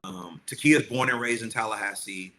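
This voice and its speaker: Bright-voiced man telling a story. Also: on the low side, normal speed, rough recording. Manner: animated storyteller, acts out quotes. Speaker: podcast co-host. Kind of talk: storytelling chat.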